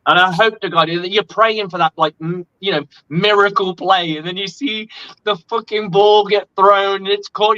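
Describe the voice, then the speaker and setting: A man co-hosting a casual sports chat, talking in an animated, profane way and laughing often. His voice is bright and sits a little high, coming through a dull, lo-fi remote mic. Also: moderate pace. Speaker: podcast co-host.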